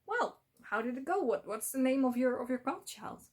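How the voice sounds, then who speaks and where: A woman's voice: sits high, very animated, moderate pace, voice pushed up. A woman voicing a timid, trusting male mouse who sounds easygoing and a little puzzled.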